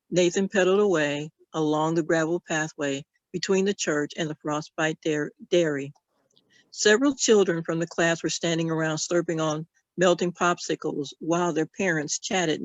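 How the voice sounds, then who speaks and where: An author calmly reading a story aloud over a video call. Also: mid-range voice, dry recording. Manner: calm, even storytelling. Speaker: author reading their book. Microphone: computer mic on video call. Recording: dull dry video-call audio.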